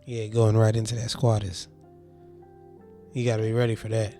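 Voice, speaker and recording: A man's voice: lowish voice, monotone, normal speed, creaky, mellow, soft background music. A man co-hosting a podcast, chatting casually with laid-back, blunt quips. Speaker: podcast co-host. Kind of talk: casual chat.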